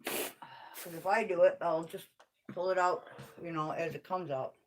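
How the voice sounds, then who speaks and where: A woman's voice: on the low side, steady tone, unhurried, slight background noise. A woman chatting frankly while doing farm chores, tired and swearing casually. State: tired, with back pain. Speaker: kennel owner doing chores.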